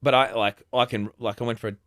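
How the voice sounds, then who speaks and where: A man's voice: medium pitch, fairly even intonation, fast talker, fairly bright tone, no room sound, studio quality. A chatty Australian man in his forties, a podcast guest who talks casually, laughs often and restarts his sentences. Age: 40s. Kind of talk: casual conversation.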